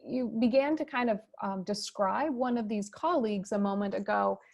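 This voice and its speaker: A woman with a gravelly, creaky edge to her mid-pitched voice moderates a fireside chat. She explains ideas in a measured, teacherly way, heard over a video call. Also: a little mellow.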